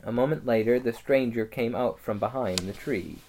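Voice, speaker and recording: An audiobook narrator reading a children's story in a lively, expressive manner. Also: mid-range voice, moderate pace, a little hiss or hum. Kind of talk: scripted narration.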